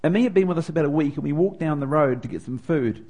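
This middle-aged New Zealand preacher, with his New Zealand accent, has a slightly high, mellow voice with lively intonation and a fast pace. He shares a personal story in his sermon with steadily mounting emotion.

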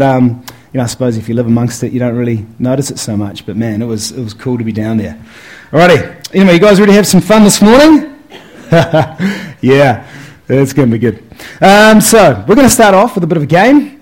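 A man's voice: fairly high pitch, a little mellow, poor audio. A man with a New Zealand accent, chatting casually to a live audience through a handheld mic held close, full of fillers, "eh" and "man". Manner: chatty and laid-back, many fillers and "eh", "man". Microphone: handheld mic held close to the mouth.

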